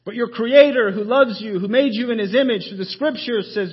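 Guy pastor giving a sermon, raspy-ish voice, kinda high for a man, asks the room questions then goes real quiet for emphasis. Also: fairly quick, few pauses, highs cut off. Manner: emphatic, rhetorical questions, drops to near-whispers for stress. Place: church sanctuary.

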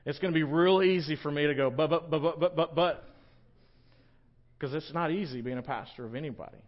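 A man's voice: on the high side, dull audio. Joking, conversational man preaching a sermon. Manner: conversational, joking, animated storytelling. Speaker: pastor.

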